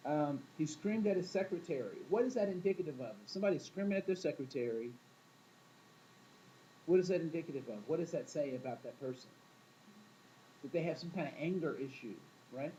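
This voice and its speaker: Man, teacher, warm dark tone, conversational lecture, faint hiss. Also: a little high, expressive, a little fast, muffled recording. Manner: storytelling, asks the class questions, acts out quoted voices. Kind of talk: classroom talk to students.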